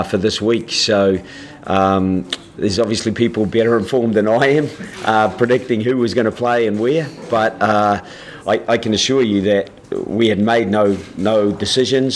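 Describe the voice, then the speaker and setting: A head coach at a press conference, answering in a measured, halting way with frequent restarts. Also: male voice, on the low side.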